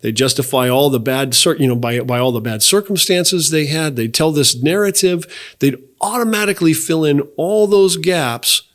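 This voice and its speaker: Earnest, impassioned man, fairly high voice. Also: normal speed, few pauses. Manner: earnest and impassioned, speaks in fervent bursts. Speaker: host, director of a residential rescue mission. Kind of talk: casual conversational interview.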